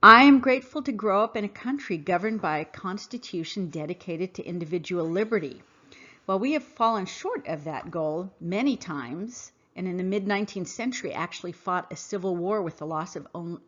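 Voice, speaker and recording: A woman hosting a podcast, reading a scripted monologue in an earnest, emphatic, measured way. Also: fairly low pitch, fairly bright tone, highs cut off. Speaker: podcast host. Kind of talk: scripted monologue read aloud.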